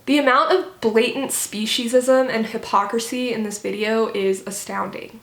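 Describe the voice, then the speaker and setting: Woman vlogger, pointed and sarcastic commentary, slightly high voice, echoey room. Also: fairly even intonation, normal speed, a bit bright. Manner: critical, sarcastic, explanatory. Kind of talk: scripted video commentary.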